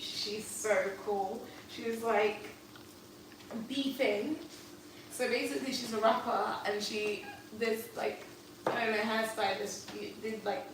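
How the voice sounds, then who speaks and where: A young woman chatting casually with a friend, a gossipy storyteller full of slang and swearing. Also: mid-range voice. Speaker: friend of the host. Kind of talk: casual chat. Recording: distant, echoey room with steady background noise.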